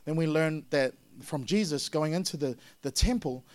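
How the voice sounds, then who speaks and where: A middle-aged man from Samoa delivers a sermon with a high-pitched voice. He talks in a lively way and jumps into acted-out voices that get loud and sharp. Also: normal speed. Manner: animated, acts out voices with sudden loud high bursts. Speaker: pastor.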